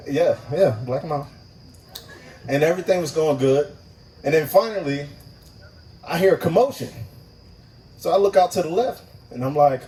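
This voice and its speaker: A man's voice: a little high, moderate pace, pauses often, distant mic, low-quality recording. A man doing stand-up at an open mic, telling a profane story and acting out the people in it. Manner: profane, animated, acts out voices in his story. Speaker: stand-up comic. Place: live open mic venue.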